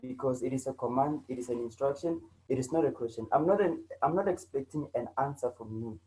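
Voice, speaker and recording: A man's voice: medium pitch, fairly quick, darkish tone, low-quality recording. A man teaching an online grammar lesson, repeating himself and checking in with students as he goes. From South Africa. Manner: repetitive, restarts often, checks in with "right?" and "you know".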